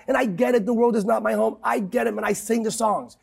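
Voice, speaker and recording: A man's voice: steady tone, quick pace, gravelly, a little mellow, slightly rough. A man preaching with passion in a talk-show conversation, emphatic and quoting scripture. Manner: emphatic, quotes scripture, swings pitch widely. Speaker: pastor guest.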